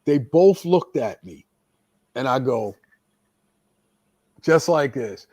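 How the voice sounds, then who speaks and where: Animated veteran man telling stories. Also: medium pitch, slow, breathy edge, no echo. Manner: animated storyteller, acts out quotes. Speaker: guest, veteran wrestler. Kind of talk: casual storytelling chat.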